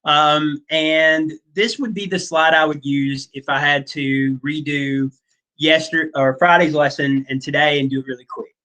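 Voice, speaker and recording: A male history teacher lecturing his class in a loose, joking manner. He talks slowly, with plenty of fillers and asides. His voice sits high and sounds bright. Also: steady tone, low-quality recording. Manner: casual, joking, many fillers.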